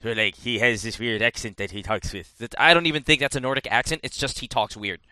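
A man's voice: medium pitch, fast, sharp tone, no room sound. A man in casual podcast chat, rambling and correcting himself as he reviews a game. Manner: rambling, self-correcting, chatty.

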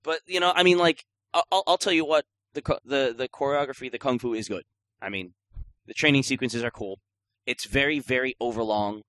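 A man's voice: mid-range voice, a little fast, a bit bright, no room sound. A man hosting a gaming podcast in casual chat, joking and rambling with lots of filler words. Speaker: podcast host.

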